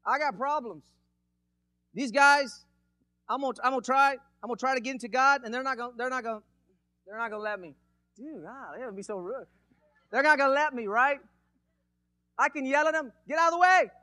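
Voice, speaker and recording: A man preaching a lively sermon as pastor, calling out to the congregation and acting out a demonstration. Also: extremely high pitch, brisk, pauses often, no echo, studio quality. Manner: energetic, calls out to congregation. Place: church.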